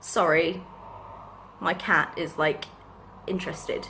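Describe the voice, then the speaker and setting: Excitable young woman unboxing books. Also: a little high, measured pace. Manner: excitable, gushing, giggly. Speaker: book vlogger. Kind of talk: casual unboxing chat.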